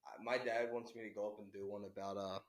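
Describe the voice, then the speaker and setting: A young man co-hosting a podcast, telling animated stories with laughter on a handheld mic. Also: fairly low pitch, quick pace. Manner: animated storytelling with frequent laughs. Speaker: podcast co-host. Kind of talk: casual chat. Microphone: handheld mic, sometimes held away.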